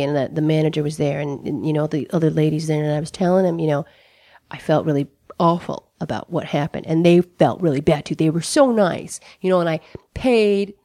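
A woman's voice: low-pitched, warm tone, no echo, clean studio sound. A middle-aged American woman telling a personal story, candid and profane, with lots of "like" and "you know". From United States. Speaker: comedian guest.

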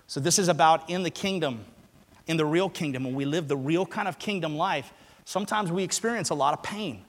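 A man preaching a sermon to a congregation, moving from quiet teaching to loud, shouted passages and asking the room to repeat lines after him. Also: on the high side. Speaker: pastor. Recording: long hall reverb.

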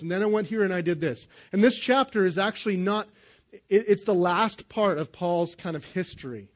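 A man preaching a sermon in a church, retelling Bible stories in a lively, casual way and acting out the characters' lines in modern slang. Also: high-pitched. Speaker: pastor. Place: church sanctuary.

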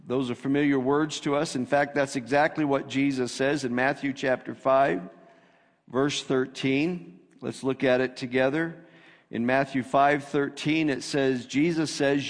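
A man's voice: on the high side, fairly even intonation, a little slow. Preaching man in a reverberant church hall. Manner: preacherly, rising into emphatic scripture reading. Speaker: pastor. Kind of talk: sermon. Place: church sanctuary.

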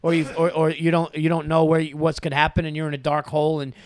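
A man hosting a podcast, a comedian telling stories in a casual, profane, animated way. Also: a little high, fast talker, dry recording, studio quality. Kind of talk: casual chat.

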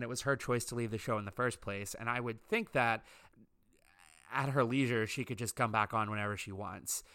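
Male commentator, gossipy and opinionated, crisp and bright. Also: medium pitch. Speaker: reality TV commentator. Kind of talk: casual commentary monologue.

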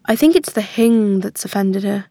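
A woman's voice: mid-range voice, expressive, normal speed, dark tone, no room sound. A proud wife, curt and short with people, voiced by a female audiobook reader. Her lines come out clipped and tight, close and dry, with no room sound. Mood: sulky. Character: proud, irritated young wife.

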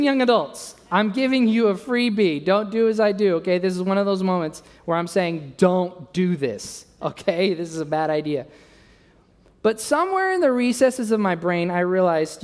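A young adult man preaching a sermon, telling a self-mocking story and acting out the dialogue with lively energy. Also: high voice. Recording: long reverb of a large hall.

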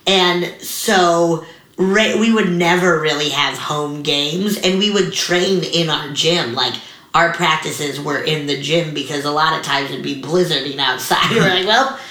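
A young woman chats through a memory on an interview show. Her voice sits a little low but sounds bright and forward. She pops into quick animated voices for the people she quotes, and the room leaves a roomy echo. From US mountain region. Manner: chatty, many likes, animated quoted voices. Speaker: guest comedian. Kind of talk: casual interview storytelling.

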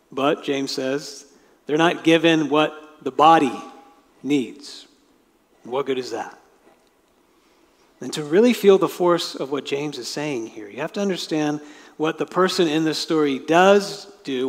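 A man preaching a sermon as pastor, talking in a conversational way and explaining with asides. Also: fairly high pitch. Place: church sanctuary. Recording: long reverb of a large hall.

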